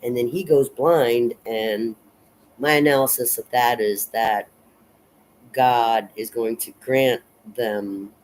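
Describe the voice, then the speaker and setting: A woman casually recapping and analyzing a film in a rambling, unhurried way, full of fillers and restarts. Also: a bass voice, fairly even intonation, darkish tone, slight background noise, rough recording. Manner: unhurried and reflective. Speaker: film reviewer.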